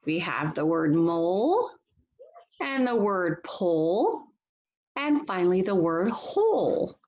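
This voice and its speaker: A woman teacher giving a read-aloud phonics lesson, reading slowly and deliberately and laughing softly now and then. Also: muffled recording. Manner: slow, deliberate reading with lively pitch and soft laughs.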